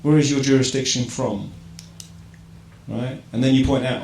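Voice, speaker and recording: A man from England, mid-range in pitch with a darkish tone and vocal fry, talks a little fast with fairly even intonation. He's a public speaker in an echoey event hall with faint ambience, keeping things informal with rhetorical questions and "right?" check-ins.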